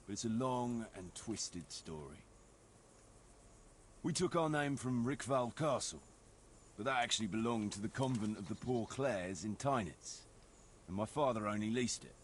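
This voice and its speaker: Sardonic disgraced knight, blunt, wry, video game voice, faint background hiss. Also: male voice, on the low side, animated, a little slow. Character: bitter, blunt noble knight, male adult.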